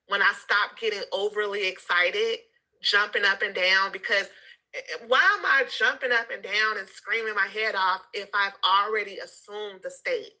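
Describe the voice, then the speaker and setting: A woman in a group chat telling a personal story in an animated way, laughing often. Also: medium pitch, rough recording. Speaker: group participant. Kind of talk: casual chat.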